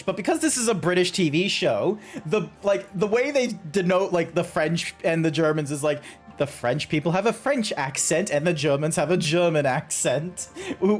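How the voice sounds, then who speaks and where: A man streaming a game, chatting casually and rambling through a story with lots of ums and restarts. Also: sits high. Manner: rambling storytelling with many fillers and restarts, laughing at his own retellings. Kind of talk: casual chat while gaming.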